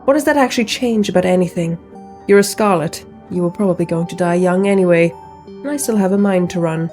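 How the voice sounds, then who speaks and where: A woman's voice: lowish voice, fairly quick, mellow, faint music behind, close to an everyday voice. A woman voicing a blunt, determined young woman who runs a family mine, in a game read-through. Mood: dry.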